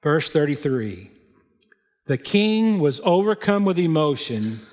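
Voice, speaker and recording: Man, preacher, sermon, high voice, slow reading, long reverb. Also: big pitch swings, darkish tone. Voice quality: unhurried, plain spoken storytelling with folksy asides. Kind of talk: sermon reading scripture aloud.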